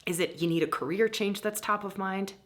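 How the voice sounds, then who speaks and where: Middle-aged lady teaching a spiritual practice, breezy and animated, laughs a lot, mid pitch. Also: a little fast. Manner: animated, breezy, laughs often, acts out inner voices.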